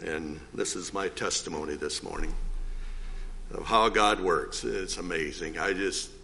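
An older man giving a rambling, folksy testimony in church, clearing his throat often. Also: deep voice, measured pace, pushed and bright, a little hiss or hum. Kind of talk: informal testimony.

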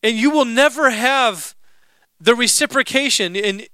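High, bright-voiced joking male preacher. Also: clear, resonant tone, dry recording. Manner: conversational and joking, slows down to stress scripture. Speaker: pastor. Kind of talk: sermon.

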